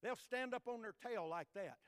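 High-voiced preacher. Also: male voice, normal speed, dry recording, clean studio sound. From Texas. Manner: repetitive, building to loud shouted crescendos. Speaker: pastor. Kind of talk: sermon with folksy storytelling.

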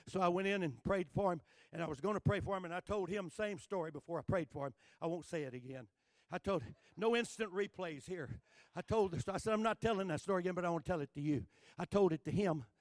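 An older man from Texas with a Texan accent, telling a folksy, joking sermon story that builds to shouting. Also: high-pitched, dry recording, studio quality. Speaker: preacher.

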